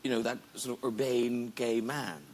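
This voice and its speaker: A man's voice: medium pitch, flat delivery, moderate pace. A man hosting a chat show, teasing his guests and laughing. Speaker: talk show host. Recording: TV studio clip with loud hiss.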